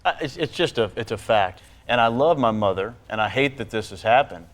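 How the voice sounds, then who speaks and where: A man's voice: mid-range voice, fairly quick. A man with a Virginian Southern accent, a talk show guest, speaking earnestly and hesitantly about his family.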